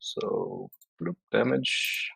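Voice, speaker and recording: A player in a tabletop game, chatting casually and excitedly, making playful sound effects. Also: mid-range voice, very slow, vocal fry, breathy edge, no room sound.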